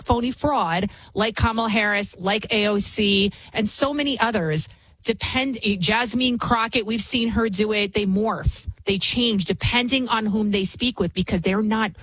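A woman hosts a talk show, firing off opinions at high speed with hardly a pause between sentences. Her tone turns sarcastic and mocking as she rants. The voice is a little husky and sits close and dry on the mic. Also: dry recording, poor audio. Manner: talks fast, rarely pauses. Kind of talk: opinionated talk radio commentary.

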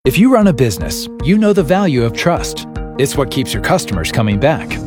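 A man with a mid-range voice reads a persuasive radio spot. Clear guitar music plays underneath him the whole time. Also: mid-range voice, very animated, fairly quick. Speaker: ad announcer. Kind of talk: read radio ad.

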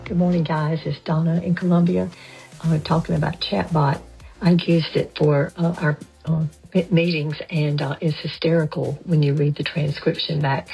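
A woman with a Southern US accent leaving a friendly, halting message for a radio show. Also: low voice, flat delivery, gravelly, dark tone, soft background music, poor audio. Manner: friendly, hesitant with fillers. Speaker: caller.

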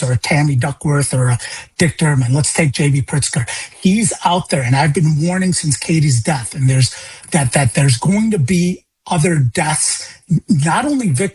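A man's voice: a little high, a little mellow, husky. A man from Illinois speaking as a guest on a talk show, emotional, often repeating himself with his voice rising as he gets upset. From Illinois, USA. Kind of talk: phone-in interview.

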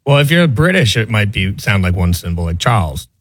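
A man's voice: on the low side, very animated, a little fast, no room sound, studio quality. A man on a radio panel explaining a trick while demonstrating it. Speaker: co-host.

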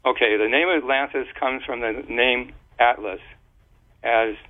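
A man's voice: mid-range voice, fairly even intonation. A man explaining at length in a casual, rambling way, stopping and restarting words often, heard over a phone line. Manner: rambling, halting with many restarts and fillers.

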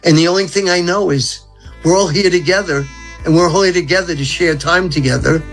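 Older man, from Brooklyn, radio guest, earnest, rambling, somewhat high voice. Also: brisk, a bit bright, faint music behind. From Brooklyn, New York. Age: 70s. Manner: earnest, rambling, spiritual storytelling. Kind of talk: radio interview.

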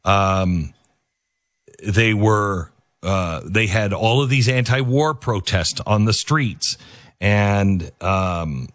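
A man's voice: lowish voice, drawn-out words, a bit bright, no echo, studio quality. A man delivering a political opinion monologue, emphatic and repetitive, with frequent fillers and restarts. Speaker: political commentator.

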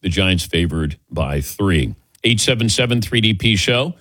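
Brief: male sports talk host, animated and chatty, dry close mic. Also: low-pitched, measured pace, dry recording. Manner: chatty, laughs easily, animated delivery.

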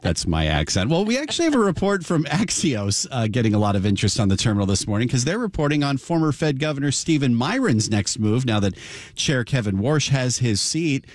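Relaxed man co-hosting news radio. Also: medium pitch, brisk, dry recording. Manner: relaxed, with filler uh's.

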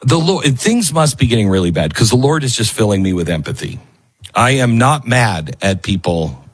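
A man's voice: medium pitch, sing-song, normal speed, husky. A man hosting a talk show, speaking earnestly and emphatically and repeating phrases for stress. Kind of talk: radio talk monologue.

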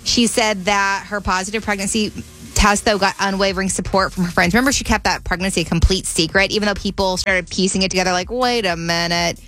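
A Minnesotan woman hosts a radio culture segment in a chatty, excitable way, full of casual fillers. Her voice sits at an ordinary middle pitch for a woman. Faint music plays quietly underneath. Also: quick pace. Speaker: radio host. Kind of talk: celebrity news chat.

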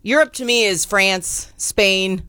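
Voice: mid-range voice, takes it slowly, bright, forceful tone, no echo, clean studio sound. A co-host in a casual chat, making wry comebacks and laughing often.

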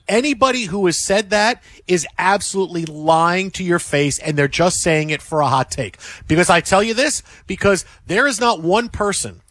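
Guy ranting on sports talk radio, pretty high voice, keeps hammering the same point, dry sound. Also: moderate pace, hardly any pauses, a bit bright, dry recording. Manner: emphatic, repeats himself, acts out quotes.

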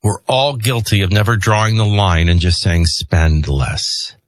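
A middle-aged man hosting a show, rambling between personal stories and opinion rants in an animated way. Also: lowish voice, normal speed, dry recording. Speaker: host. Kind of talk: opinion monologue with storytelling.

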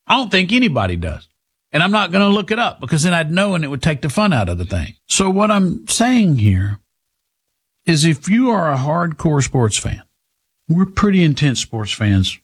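A man's voice: mid-range voice, breathy edge. A male talk show host giving opinionated, rambling commentary on sports and politics, emphatic, with frequent restarts.

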